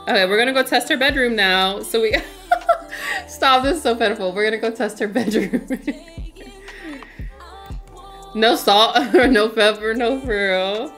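A woman's voice: fairly high pitch, normal speed, a bit bright, soft background music. A woman streaming a game in casual, chatty commentary, laughing often and talking to her chat.

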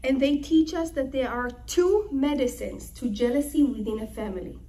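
A woman giving a religious lecture, telling the story in an animated way and acting out the quotes. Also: high-pitched, normal speed, distant mic, low-quality recording. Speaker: Torah teacher.

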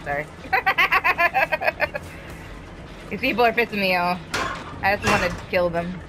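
A woman's voice: mid-range voice, very animated, slow, over music. A woman streamer giving casual gameplay commentary, swearing and taunting the other players. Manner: profane trash-talking, taunting opponents. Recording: noisy background.

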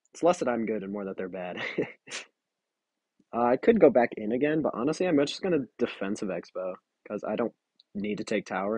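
A man's voice: lowish voice, darkish tone, breathy edge, no echo. A tired young man giving casual, giggly, self-mocking commentary while playing a mobile game. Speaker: gaming video creator.

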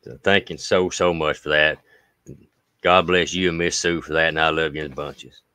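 A low-voiced man with an Appalachian accent and a smooth, resonant sound reads viewer letters on a casual livestream. His tone is bright and forceful, and his manner is folksy, with thanks drawn out at length. The recording is close and dry. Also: fairly even intonation, normal speed, no echo. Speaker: host reading viewer mail.

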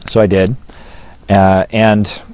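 Man, Pacific Northwest accent, interviewee, low voice, hesitant, rambling. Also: level tone, takes it slowly, darkish tone, smooth, dry recording. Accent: Pacific Northwest American. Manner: rambling, hesitant, many fillers and restarts. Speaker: pastor and witness. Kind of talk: casual storytelling interview.

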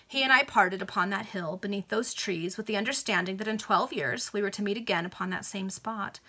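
Woman reading a sincere, melancholy young gentleman, subdued and earnest, bright tone. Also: mid-range voice.

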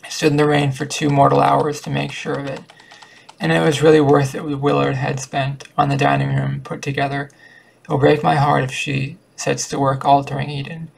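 A talkative older spinster from a storybook, fussing and proud, read aloud by a man. The voice is gravelly and husky with a level, unvaried pitch. It stays plain rather than fully acted. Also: monotone, moderate pace, poor audio. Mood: chattering.

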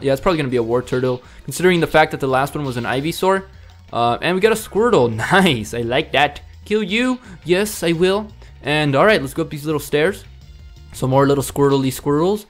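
A young man giving excitable commentary over his gameplay as a let's play host, blurting sound effects and gamer slang. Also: a little high, a little fast, faint music behind.

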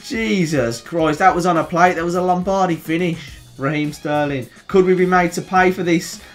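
A young man with a Birmingham accent giving excitable, chatty play-by-play commentary on a football video game, groaning and shouting at near misses. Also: high voice, brisk, soft background music. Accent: Birmingham English. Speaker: gaming YouTuber.

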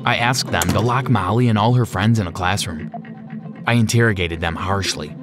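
A man giving an expressive first-person narration of an animated story. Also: on the low side.

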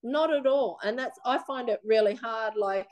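A woman with an Australian accent, telling her own story in a blunt, animated, plain-spoken way during an interview. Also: on the high side, normal speed. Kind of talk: casual personal storytelling.

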